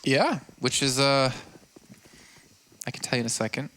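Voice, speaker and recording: A man commentating live on an esports match in a measured, analytical way. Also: medium pitch, expressive, fairly bright tone.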